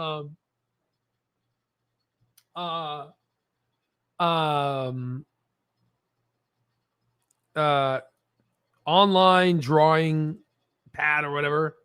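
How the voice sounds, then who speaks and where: A man hosting a casual stock market livestream, animated and swearing, with stammering restarts. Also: a little high, extremely slow, long pauses, clean tone, no echo.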